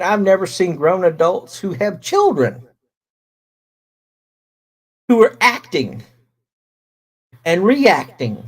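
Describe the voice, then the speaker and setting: A middle-aged man, hosting a casual livestream, talking slowly with many fillers as he greets viewers in chat. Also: high-pitched, low-quality recording. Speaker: livestream host reading chat.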